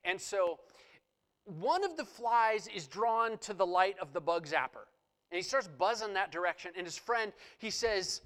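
A male pastor leading a church service, praying and giving announcements in a relaxed, conversational way with frequent fillers. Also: high-pitched, a little slow.

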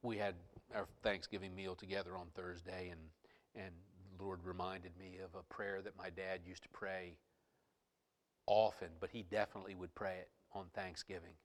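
A male pastor delivering an impassioned sermon in a somewhat low voice. He swings between loud exclamations and hushed, breathy near-whispers. In his stories he repeats words and restarts sentences. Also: little pitch movement, normal speed.

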